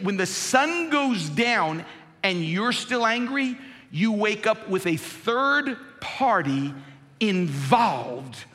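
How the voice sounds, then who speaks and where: A man in his forties preaching a sermon as pastor, emphatic and dramatic, dropping low and quiet for stories. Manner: emphatic preaching, swinging from loud highs to low storytelling. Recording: long hall reverb.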